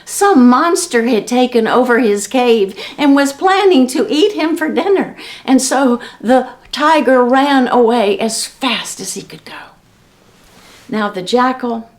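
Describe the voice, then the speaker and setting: Slow, gentle woman reading to children. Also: high-pitched. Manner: gentle, expressive, teaching children. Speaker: children's librarian. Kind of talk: storytime read-aloud and sing-along.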